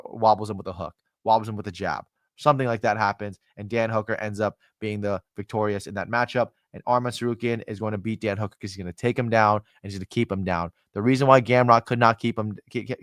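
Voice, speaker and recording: A man hosting a casual, rambling monologue of fight predictions, animated and swearing casually while acting out fighters' thoughts. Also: on the low side, fairly quick, hardly any pauses, dry recording, studio quality. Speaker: MMA analyst host.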